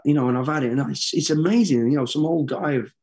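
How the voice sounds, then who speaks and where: A middle-aged man, a guest in an interview, telling stories in a lively way, swearing freely and acting out what people said. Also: fairly high pitch, fast. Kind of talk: casual interview storytelling.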